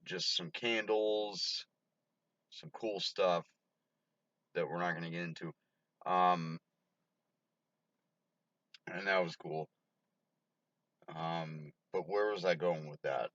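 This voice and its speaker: A man's voice: deep voice, steady tone, slow, long pauses, a bit bright, no echo. A drunk man rambling through stories to camera, swearing and laughing often. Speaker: vlogger. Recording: dull lo-fi recording.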